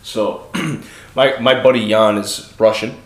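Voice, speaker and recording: A man in his thirties co-hosting a podcast, telling stories in a loose, animated way and swearing freely. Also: on the low side, slow pace. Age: 30s. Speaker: podcast co-host. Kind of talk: casual chat, storytelling. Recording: echoey room.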